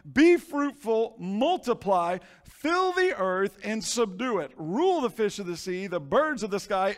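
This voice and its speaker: Male pastor, high voice, animated sermon delivery, reverberant church hall. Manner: animated preaching, swinging from hushed to shouting. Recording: long reverb of a large hall.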